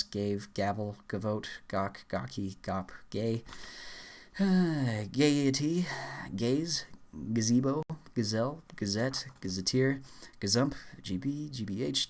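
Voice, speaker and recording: A man reading dictionary words aloud as fast as he can, rushing through the list and stumbling over words. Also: mid-range voice. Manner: rushed word-list reading with stumbles and fillers. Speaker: YouTuber. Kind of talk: rapid dictionary read-aloud challenge.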